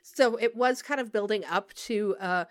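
A woman's voice: medium pitch, normal speed, no room sound, studio quality. A woman co-hosting a podcast, talking through a TV episode in a thoughtful, hedging way with many fillers. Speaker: podcast co-host. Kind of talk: casual discussion of a TV episode.

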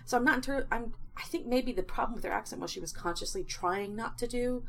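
A woman's voice: a little high, quick pace, a bit bright, slight background noise. A woman co-hosting a casual podcast chat, in a wry, sardonic way. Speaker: podcast co-host.

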